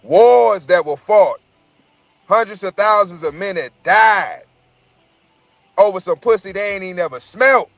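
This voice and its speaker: A man's voice: sits high, animated, a little slow, long pauses, dry recording, soft background music. A man in casual chat, telling profane, rambling stories and repeating his words as he goes.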